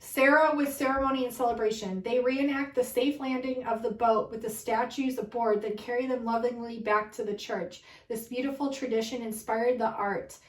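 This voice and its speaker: A woman's voice: a little high, steady tone, moderate pace, few pauses, echoey room, recorded from a distance, poor audio. A woman giving a casual spiritual card reading to her viewers, emotional and overwhelmed, swearing and laughing between cards. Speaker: tarot card reader.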